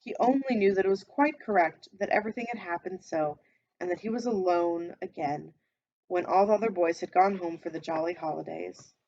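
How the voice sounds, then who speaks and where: A woman reading a classic novel aloud in an even, measured storytelling manner, stopping now and then to comment. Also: lowish voice, muffled recording. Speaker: reader.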